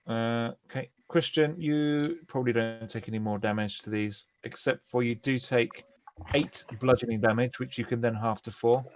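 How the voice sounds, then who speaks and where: A man running a tabletop role-playing game, narrating the action with lively energy. He slips into quick, squeaky character voices now and then. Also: a little hiss or hum, rough recording. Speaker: game master.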